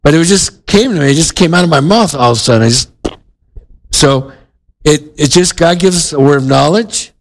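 A man's voice: fairly high pitch, fairly quick, rough recording. A male pastor giving a sermon in a conversational way, with frequent restarts and asides to the congregation.

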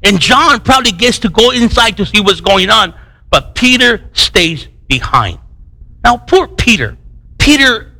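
Animated, high-voiced male preacher. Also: measured pace, rough recording. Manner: animated, conversational preaching with rhetorical questions; repeats words and restarts phrases. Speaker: pastor. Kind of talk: sermon.

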